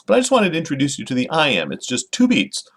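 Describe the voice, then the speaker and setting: A man's voice: on the high side, wildly swooping pitch, fast, fairly bright tone, husky. A middle-aged man, a children's poet, giving an informal, friendly lesson to camera, with many fillers and restarts. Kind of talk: informal teaching talk to camera.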